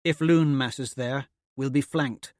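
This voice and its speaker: A blunt female warrior barks out tactical warnings in a fantasy audiobook, as a male narrator reads her lines. Her words are urgent and clipped, pitched in a middle range. The recording is dry and close. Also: steady tone, takes it slowly, darkish tone, no room sound, natural voice.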